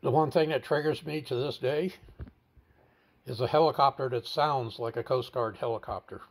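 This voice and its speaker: Gravelly plain-spoken man telling his story. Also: mid-range voice, normal speed. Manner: stammers and repeats words while recounting; plain-spoken, blunt, swears casually. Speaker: interviewee. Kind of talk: candid personal storytelling.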